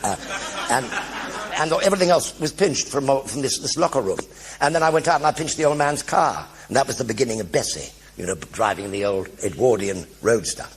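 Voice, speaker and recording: Gravelly older British storyteller. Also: male voice, mid-range voice, fairly quick, a little hiss or hum. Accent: British English. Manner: lively raconteur, mimics others' voices with sound effects. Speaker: actor telling stage anecdotes. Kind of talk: one-man stage show storytelling. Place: theatre stage.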